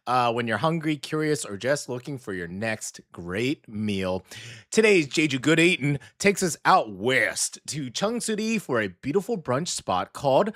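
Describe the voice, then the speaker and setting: An American man hosting a casual radio food segment, chatty and animated, often correcting himself mid-sentence. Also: mid-range voice, no room sound, studio quality. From United States. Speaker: radio host. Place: radio studio.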